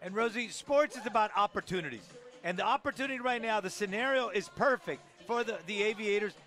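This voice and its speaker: A man's voice: high-pitched, brisk, pushed and bright. A man doing play-by-play for a tennis broadcast, talking energetically and emphatically and sometimes restarting his sentences. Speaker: play-by-play commentator.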